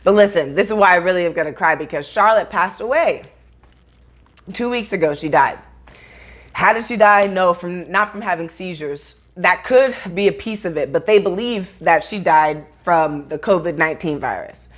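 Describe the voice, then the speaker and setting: A woman's voice: lowish voice, moderate pace. A woman vlogger talking straight to her viewers, earnest and close to tears, with casual swearing. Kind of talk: emotional talk to camera.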